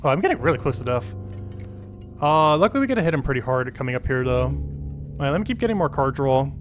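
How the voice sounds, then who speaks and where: A man streaming a card game, thinking aloud about his moves and slowly reading out game text with many fillers. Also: mid-range voice, big pitch swings, soft background music. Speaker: gaming streamer. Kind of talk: casual live-stream commentary.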